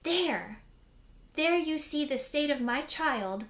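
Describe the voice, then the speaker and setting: A woman's voice: a little high, moderate pace, lightly acted. A woman voicing a hysterical, melodramatic rich mother who screams shrilly.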